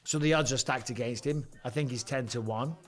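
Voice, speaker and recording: A man's voice: medium pitch, brisk, soft background music. A man with an English accent in his forties, hosting a live reaction stream, talking bluntly and joking with plenty of swearing. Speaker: host.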